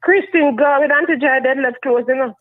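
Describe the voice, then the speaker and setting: A woman with a Jamaican accent calling in, telling a story in lively patois. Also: high-pitched, fairly quick, no room sound. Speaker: caller. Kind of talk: casual chat. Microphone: phone. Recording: tinny dry phone line.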